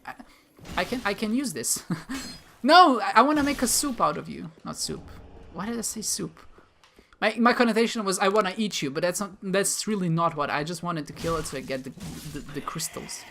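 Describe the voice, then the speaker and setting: A man's voice: high-pitched, lively intonation, normal speed, vocal fry, sharp tone, slight background noise. A man giving playful, self-mocking commentary as he plays a game, talking back to enemies. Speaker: gamer, video host. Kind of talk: live gameplay commentary.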